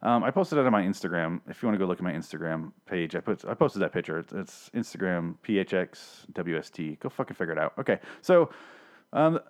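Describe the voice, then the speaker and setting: A man's voice: low voice, animated, a little fast. A man casually recapping and ranting about a TV show, profane and sarcastic, rambling with frequent restarts. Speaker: TV show reviewer. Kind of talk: casual solo recap rant.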